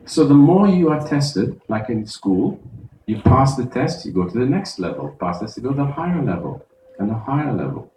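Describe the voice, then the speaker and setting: A man, an imam, giving a Friday sermon, explaining verses step by step and reciting Arabic quickly. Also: medium pitch, very animated, warm tone, roomy sound, far from the mic, a little hiss or hum, rough recording. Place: mosque prayer hall.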